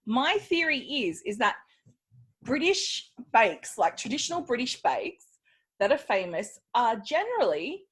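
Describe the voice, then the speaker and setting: A woman co-hosting a podcast in a casual chat, her pitch bouncing high and low. Her voice sits a touch high and has a husky edge. She laughs often and slips into silly voices. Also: big pitch swings, a little slow, a bit bright. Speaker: podcast co-host.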